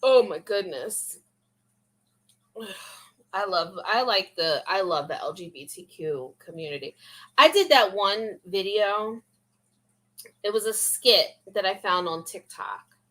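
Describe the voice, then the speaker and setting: A woman's voice: mid-range voice, animated, slow pace, long pauses, fairly bright tone. A young woman vlogger in casual, rambling, confessional chat full of fillers.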